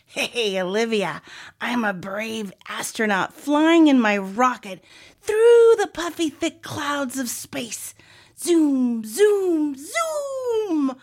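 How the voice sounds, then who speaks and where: A playful, always-hungry little boy from a storybook, as a woman reads him aloud. His voice is a bit whiny and drawn out, with a slow, lively lilt. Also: on the high side, full character voice.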